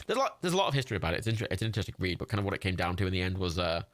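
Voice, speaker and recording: A man's voice: low-pitched, very animated, racing, no echo. A young man livestreaming, rambling casually with lots of fillers, restarts and laughs while playing a game.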